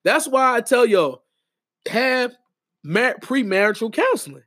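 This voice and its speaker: A middle-aged man with a high voice talks in casual podcast chat. He hammers his points with emphatic, preacher-like repetition. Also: big pitch swings, measured pace, a bit bright. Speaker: podcast co-host and wedding officiant.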